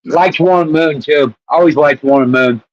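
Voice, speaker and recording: A man's voice: on the high side, normal speed, dry recording, highs cut off. A man co-hosting a casual sports chat show, rambling and laughing as he tells stories. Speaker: co-host.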